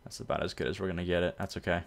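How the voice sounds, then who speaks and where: A man's voice: low voice, racing, creaky. A man casually commenting while playing a city-building game, rambling and correcting himself as he goes. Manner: relaxed, rambling, self-correcting. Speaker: gameplay video host. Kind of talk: casual let's-play commentary.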